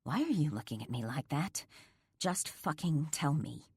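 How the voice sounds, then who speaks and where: A woman's voice: low-pitched, expressive, moderate pace, darkish tone, husky, no room sound, clean studio sound, full character voice. A woman narrator voicing a feverish, defiant young mother held captive, her speech weak and strained. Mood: pleading.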